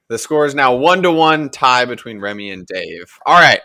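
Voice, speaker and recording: A man hosting a casual soccer podcast, easygoing and relaxed, sometimes humming a little jingle. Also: mid-range voice, moderate pace, few pauses, no room sound, clean studio sound. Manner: easygoing, hums a little jingle when announcing segments. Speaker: podcast host running a soccer segment.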